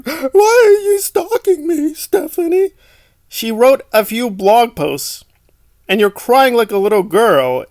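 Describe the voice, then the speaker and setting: High-voiced mocking male commentator. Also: fairly bright tone, dry recording, clean studio sound. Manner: mocking, scornful. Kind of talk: sarcastic online commentary.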